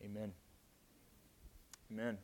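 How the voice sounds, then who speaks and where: A man's voice: fairly low pitch, little pitch movement, takes it slowly, darkish tone, slight background noise. A man preaching a sermon with playful jokes to a live audience after an opening prayer.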